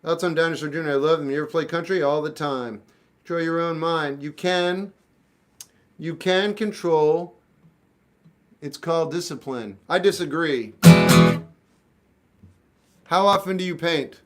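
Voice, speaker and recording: This is a man in his fifties with a slightly raised pitch who talks in a blunt, deadpan way. He gives clipped one-word answers as he reads out questions, and a faint guitar can be heard behind him. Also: a little slow, pauses often. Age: 50s. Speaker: musician answering live chat questions. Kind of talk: casual live-stream chat.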